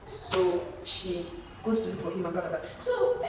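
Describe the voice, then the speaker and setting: A young woman telling a storytime vlog, animated and acting out the people she quotes. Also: moderate pace. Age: young adult. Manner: animated, acting out quotes with sudden pitch jumps. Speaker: vlogger. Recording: echoey room, far from mic, faint hiss.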